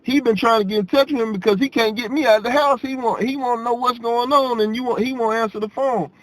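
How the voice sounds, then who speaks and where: A man talks casually to his viewers. He repeats phrases for emphasis and acts out conversations as he recounts a story in a loose, animated style. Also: very high voice, quick pace, no echo, poor audio. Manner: animated, repeats himself, quotes others in dialogue. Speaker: vlogger telling a personal story.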